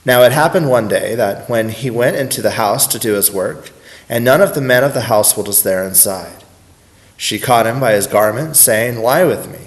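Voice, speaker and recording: A scripture reader, a man with a voice of middling pitch for a man, reads a passage aloud. He keeps an even, unhurried pace and gives it as a plain scripted reading.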